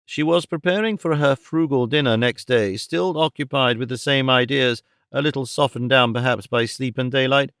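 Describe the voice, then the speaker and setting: A man narrating a classic novel as an audiobook, in a measured, wry storytelling manner. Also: mid-range voice, fairly bright tone, clean tone, no echo, clean studio sound.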